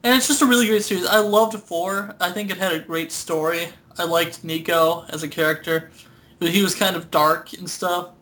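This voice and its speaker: A young man co-hosts a loose gaming chat, rambling along with frequent laughs and curses. His voice sits high and bright. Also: fairly even intonation, normal speed. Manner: rambling, laughing, swearing often. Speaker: podcast co-host. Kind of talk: casual chat.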